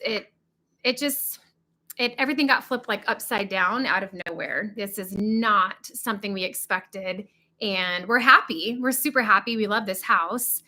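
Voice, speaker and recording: Bright, upbeat woman chatting on a livestream. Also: medium pitch. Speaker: livestream host. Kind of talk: casual livestream chat. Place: indoors in a cabin. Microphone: not her usual podcast microphone.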